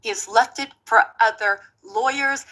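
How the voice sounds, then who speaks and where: A woman's voice: a little high, moderate pace, sharp tone. A woman giving casual, emphatic commentary with a sarcastic edge.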